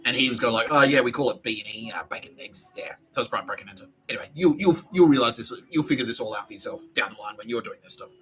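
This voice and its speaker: A man's voice: mid-range voice, fast talker, few pauses, fairly bright tone, poor audio. A man podcasting alone in a rambling, profane monologue that often restarts its sentences.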